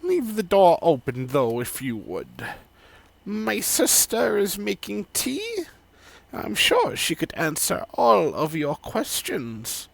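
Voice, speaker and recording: Brief: a high-voiced, prim, touchy old crone, put on by a male game master, gravelly edge. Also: huge pitch swings, slow pace, no echo, exaggerated voice. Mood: prim, affronted. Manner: prim, formally polite, easily offended. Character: decrepit tiny ancient old woman, prim and touchy.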